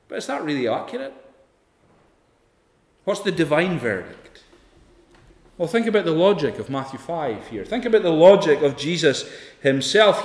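Male preacher, higher voice, emphatic delivery, reverberant hall sound. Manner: emphatic, rising to loud peaks, dropping to hushed lines. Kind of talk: evening sermon. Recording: echoey hall, long reverb.

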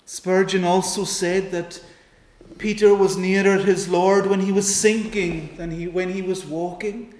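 Slow, echoey preaching man. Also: high-pitched, steady tone, a little mellow. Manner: earnest, pleading, with dramatic pauses and quoted prayers. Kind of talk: sermon.

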